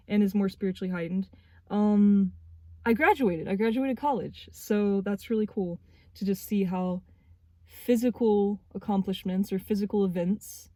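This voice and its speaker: A young woman in her twenties giving a spiritual tarot reading, speaking earnestly and haltingly as she searches for words. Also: medium pitch, mellow, no room sound. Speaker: tarot reader.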